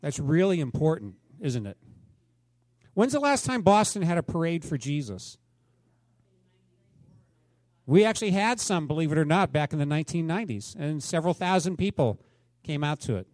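A man's voice: a little high, sing-song, moderate pace, pauses often, darkish tone, dry recording. A man preaching a sermon to his congregation in a conversational way, often asking them questions. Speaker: pastor.

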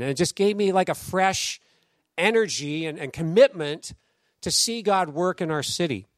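Guy preaching, kinda high voice, chatty storyteller, dry close sound. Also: moderate pace, dry recording. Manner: conversational, animated storytelling with quoted voices. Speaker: pastor. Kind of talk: sermon.

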